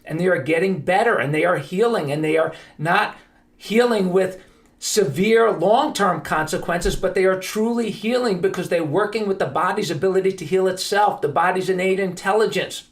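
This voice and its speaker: A man's voice: sits high, normal speed. A man hosting a podcast, telling stories in an earnest, emphatic monologue. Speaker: podcast host.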